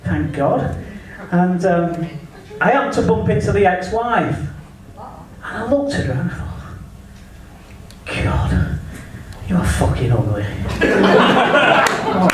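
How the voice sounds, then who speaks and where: A man's voice: high-pitched, expressive, slow pace, long pauses. A man from northern England doing a stand-up comedy set, firing off bawdy one-liners and laughing along with the jokes. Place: comedy club stage. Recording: echoey club from far off with audience.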